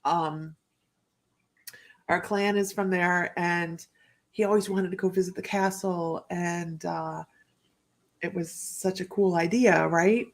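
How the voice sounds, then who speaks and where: A woman's voice: lowish voice, steady tone, takes it slowly, long pauses. Woman hosting a chatty live stream. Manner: chatty and rambling, laughs often, greets viewers by name. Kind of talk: casual live-stream chat reading viewer comments. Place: home, indoors.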